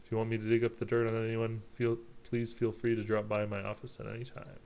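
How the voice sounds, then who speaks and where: Man playing male fox detective, suave, polite, mysterious, low voice, game character. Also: monotone, quick pace, creaky, a little mellow, clear, resonant tone. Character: smooth, knowing male fox private investigator.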